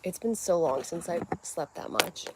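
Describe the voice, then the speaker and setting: A woman's voice: lowish voice, lively intonation, normal speed, background noise. A young adult woman hosting a casual livestream at home, rambling from one topic to the next in a scattered way. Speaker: livestream host.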